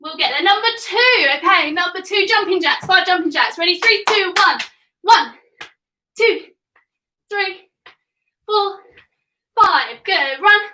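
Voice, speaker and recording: A woman's voice: extremely high pitch, animated, measured pace, pauses often, pushed and bright, echoey room, recorded from a distance, slight background noise, rough recording. A young woman coaching a live home workout for children, upbeat and encouraging as she counts reps and gets a little out of breath. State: getting out of breath. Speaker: kids fitness coach. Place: home room.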